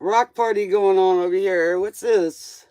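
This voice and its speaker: A woman's voice: mid-range voice, steady tone, unhurried, mellow, clean tone, no echo. A woman hosting a live tarot stream, chatting casually with viewers and laughing often.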